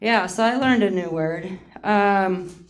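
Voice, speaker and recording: A woman's voice: medium pitch, slow pace. A woman in her late fifties from Hawaii, performing a self-mocking stand-up comedy set on a theater stage, often laughing at her own lines. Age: 50s.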